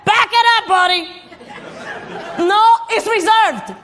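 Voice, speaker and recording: A woman's voice: very high voice, slow, some chatter behind, pitched above the performer's own voice, exaggerated voice. A woman putting on a cronish, bossy old lady. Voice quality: cronish, crackly voice. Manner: bossy, defiant shouting. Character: feisty tiny elderly woman, brash and shameless.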